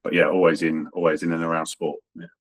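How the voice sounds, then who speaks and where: A man in his forties from the London suburbs, speaking as an interview guest in a halting way, repeating words and restarting. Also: low-pitched, level tone, poor audio. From suburbs of London, England. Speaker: guest, PE teacher. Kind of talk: casual interview chat.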